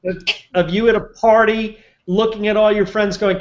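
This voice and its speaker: A man's voice: sits high, flat delivery, moderate pace, dull audio. A man, a lawyer hosting the show, asking guests playful, teasing questions. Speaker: lawyer host. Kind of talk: casual interview host.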